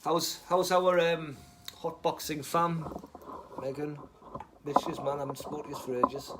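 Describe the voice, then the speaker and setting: A man chatting casually on a live stream, rambling, joking and swearing, muttering asides and then loudly greeting viewers. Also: fairly high pitch, level tone, moderate pace, heavy background noise.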